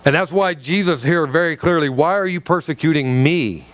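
A man's voice: fairly high pitch, moderate pace. A man preaching a sermon as pastor, telling a story with animation and acting out the voices in it.

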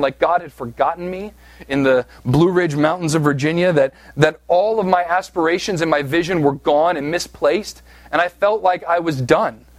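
A man's voice: on the high side, dry recording. A man from southeast Pennsylvania preaching a sermon, telling a personal story in a conversational, self-deprecating way with frequent "right?" asides. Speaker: pastor.

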